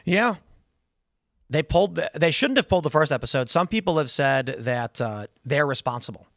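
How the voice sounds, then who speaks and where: A man hosting a political panel chat, talking quickly with restarts and laughs. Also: on the high side, lively intonation, vocal fry, a bit bright, dry recording, clean studio sound. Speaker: host.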